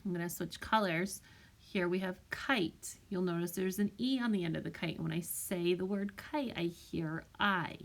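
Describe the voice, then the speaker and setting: A woman teacher giving a recorded spelling lesson to young children, patiently sounding out each word. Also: on the low side. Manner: slow, patient, sounds words out carefully. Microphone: tablet microphone.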